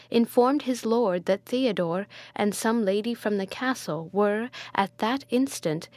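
A woman's voice: mid-range voice, a little mellow, dry recording. Woman reading a gothic tale, dry sound. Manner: measured, dramatic storytelling. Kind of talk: audiobook reading of a gothic novel.

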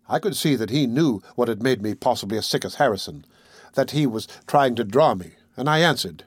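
A man giving scripted first-person novel narration in a measured, even reading manner. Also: medium pitch, slightly rough, no echo, clean studio sound. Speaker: audiobook narrator.

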